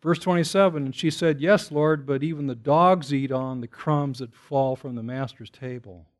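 A man's voice: medium pitch, steady tone, moderate pace. A man preaching a sermon, explaining Greek words conversationally and rising to emphatic bursts as he retells scripture. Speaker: pastor.

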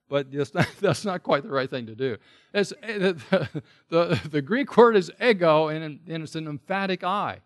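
A man preaching an expository Bible sermon, explaining Greek words and stressing his points through repetition and questions to his listeners. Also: fairly high pitch. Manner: emphatic, repeats key words for stress.

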